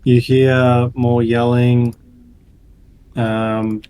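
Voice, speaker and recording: A man narrating as game master of a tabletop game, unhurried and pausing with fillers as he describes the scene. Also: medium pitch, level tone, mellow, a little hiss or hum, low-quality recording.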